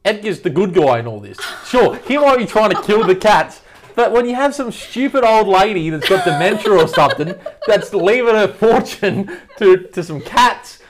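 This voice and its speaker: A man's voice: high-pitched, animated, normal speed, slight background noise. A man co-hosting a casual movie ranking chat, bluntly ranting and laughing through his complaints. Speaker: co-host.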